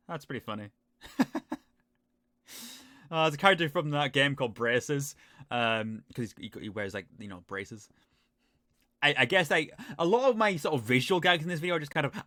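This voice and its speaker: Northern English male host, casual rambling reaction commentary, self-mocking, crisp dry mic. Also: fairly high pitch, sharp tone, no room sound. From Northern England. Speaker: YouTuber reacting to his old video.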